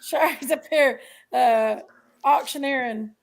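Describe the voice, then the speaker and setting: Woman streamer host, high voice, upbeat chatty delivery aimed at the audience. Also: takes it slowly. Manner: upbeat, chatty, addresses viewers directly. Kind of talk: casual live-stream chat.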